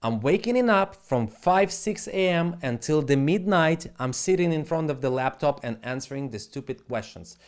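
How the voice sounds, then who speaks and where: A man's voice: a little high, expressive, normal speed, hardly any pauses. A man on a casual live stream at his home setup, rambling bluntly and with plenty of swearing, in broken English.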